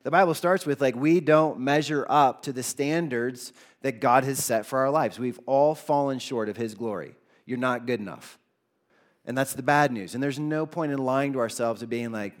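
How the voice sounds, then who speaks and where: Earnest male pastor preaching. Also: moderate pace. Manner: earnest preaching, voice rising for emphasis and dropping low for quoted lines. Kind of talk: sermon.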